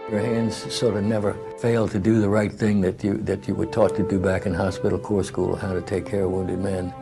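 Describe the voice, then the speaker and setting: A man's voice: deep voice, level tone, fairly quick, gravelly, music in the background. An older man, a former medic, reflecting as an interviewee.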